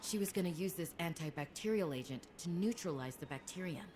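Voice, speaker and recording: A woman voicing a calm in-game log narrator, reading out information in a measured, informative way. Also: fairly low pitch, slight background noise, natural voice. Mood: matter-of-fact. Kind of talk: video game voice-over.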